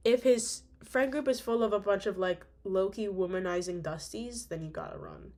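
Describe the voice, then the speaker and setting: A woman's voice: medium pitch, animated, brisk, few pauses. A young woman reading a classic novel aloud, breaking off for slangy, chatty asides. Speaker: audiobook reader.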